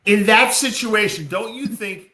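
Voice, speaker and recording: A man hosting a podcast, chatty and quick to laugh while reminiscing. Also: high voice, sharp tone. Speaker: podcast host. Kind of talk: casual chat.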